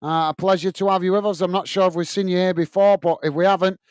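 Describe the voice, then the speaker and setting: Commentating on play and reading chat during a live football watch-along, this British host talks fast in a high-sitting, steady, darkish, smooth voice. He calls viewers mate a lot, uses many fillers, and the recording has no room sound.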